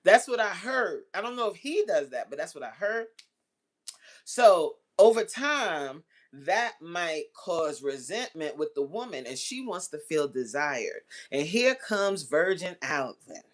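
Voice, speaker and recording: Blunt, animated woman host chatting. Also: on the low side, a little slow. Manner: animated, blunt and profane, laughs often; acts out quoted voices while telling stories. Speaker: host answering chat messages. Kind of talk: casual livestream chat.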